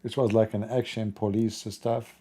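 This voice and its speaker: A man's voice: lowish voice, little pitch movement, moderate pace, warm tone, husky. A middle-aged man hosting a livestream, shifting between casual chat and blunt, mocking preaching in broken grammar. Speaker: livestream host.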